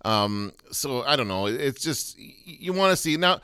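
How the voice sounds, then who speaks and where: Casual podcast co-host, man, bright and forceful tone, dry close sound, rambly delivery. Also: medium pitch, expressive, moderate pace, clean tone, no room sound. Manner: rambling, many restarts and fillers. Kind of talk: casual chat.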